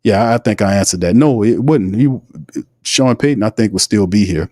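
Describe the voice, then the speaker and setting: Male sports host, low-pitched, ranting, dry sound. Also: fairly quick, darkish tone, dry recording. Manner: heated, ranting, repetitive. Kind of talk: casual livestream commentary.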